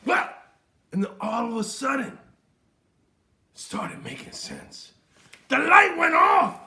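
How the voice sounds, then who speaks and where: Excitable high-voiced man hosting a recap. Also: slow, vocal fry. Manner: theatrical, excitable, bursts into shouting. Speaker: sports fan recap host. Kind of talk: comedic football recap monologue.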